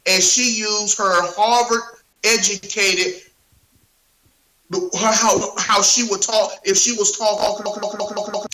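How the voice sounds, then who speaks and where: A man co-hosting a casual political talk show, speaking emphatically and circling back over his words. His voice sits high and rings bright. The room around him is echoey. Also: a little hiss or hum. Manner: emphatic, repeats himself while hunting for words. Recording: roomy echo.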